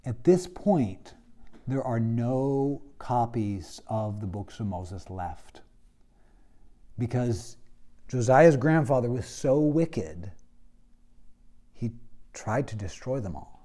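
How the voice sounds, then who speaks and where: A man's voice: mid-range voice, animated, slow pace, long pauses, warm tone. A man teaching a Bible history class in a casual, storytelling way with many fillers. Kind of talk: classroom lecture.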